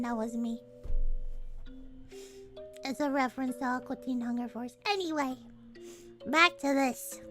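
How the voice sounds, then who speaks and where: A playful, jokey woman chats casually on a stream, swearing freely between lines she reads aloud. Her voice sits high and bright. Soft music runs underneath. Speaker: streamer and voice actor. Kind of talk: casual livestream chat while reading a game aloud.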